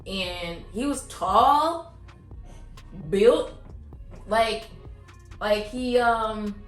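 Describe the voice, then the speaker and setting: A woman's voice: a little high, animated, drawn-out words. A woman co-hosting a podcast in casual chat, blunt and sassy, full of "like". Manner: blunt, sassy commentary with lots of "like". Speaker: podcast co-host. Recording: roomy room with faint music.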